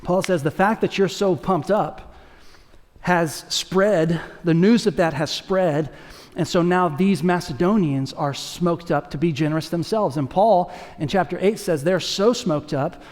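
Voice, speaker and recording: Energetic pastor preaching in a reverberant hall. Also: male voice, on the high side, measured pace. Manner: conversational, energetic preaching with asides to the congregation. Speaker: lead pastor. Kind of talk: sermon. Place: church sanctuary.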